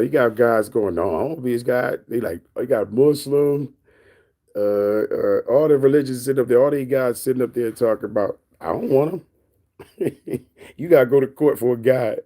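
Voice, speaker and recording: A man's voice: mid-range voice, normal speed, mellow. A man on a casual livestream, reading and answering his chat in a teasing, mocking way, laughing often.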